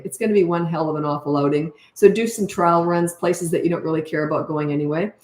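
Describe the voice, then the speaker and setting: A woman's voice: fairly low pitch, steady tone, fast talker, few pauses, darkish tone. A middle-aged woman giving parenting advice in a casual, blunt way, acting out the dialogue she quotes. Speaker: parenting coach. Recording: echoey room.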